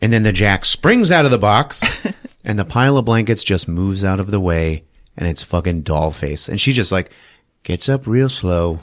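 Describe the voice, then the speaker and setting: A man's voice: sits low, normal speed. A man hosting a podcast, casually recapping a horror film with profanity, laughter and acted-out voices. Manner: animated, profane, acts out scenes with voices and laughs.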